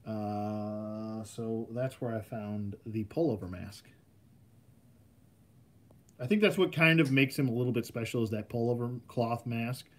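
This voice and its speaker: A man's voice: medium pitch, a little slow. Rambling man hosting a toy live stream. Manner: rambling, filler-heavy, easygoing. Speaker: host of a live custom action figure stream. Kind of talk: casual live-stream chat.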